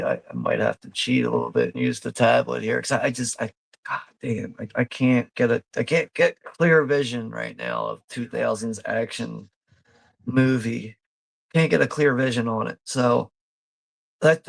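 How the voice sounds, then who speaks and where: A man's voice: mid-range voice, gravelly, no room sound. A man hosting a live watch party, commenting casually over a film, laid-back, swearing freely and laughing often.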